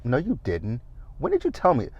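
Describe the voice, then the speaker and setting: A man's voice: medium pitch, huge pitch swings, moderate pace, darkish tone, slightly rough, lo-fi sound. A man voicing a naive young woman who keeps asking puzzled questions on the phone. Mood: suspicious.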